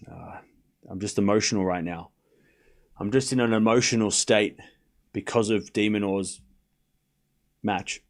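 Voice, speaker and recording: Guy doing live tennis watchalong commentary, jumpy and teasing, voice keeps shooting up loud when he gets worked up. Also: a little slow, pauses often. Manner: excitable, jumps up in pitch and volume, chats with viewers; teasing, laughs often. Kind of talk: casual live-stream commentary.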